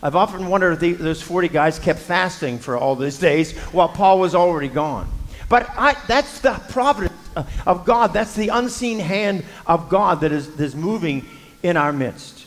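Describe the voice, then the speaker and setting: A man's voice: sits high, animated, normal speed. A man preaching a sermon, telling a Bible story in a conversational way with frequent fillers and voiced quotes. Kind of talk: sermon with scripture reading. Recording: long hall reverb.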